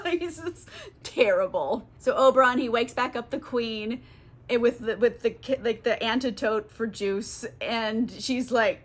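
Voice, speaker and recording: A woman recaps a book in a loose, comic way, giggling and swearing as she goes. Her voice sits a little high, and "like" fills her sentences. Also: lively intonation, normal speed, a bit bright. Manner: giggly, profane, lots of "like". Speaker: book vlogger. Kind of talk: casual comic book summary.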